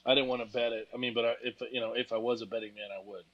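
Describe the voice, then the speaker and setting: A man's voice: medium pitch, flat delivery, very fast. A man co-hosting a podcast, tired and rambling about football with crude jokes and lots of fillers. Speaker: podcast co-host. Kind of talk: casual sports chat. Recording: slightly dull lo-fi sound.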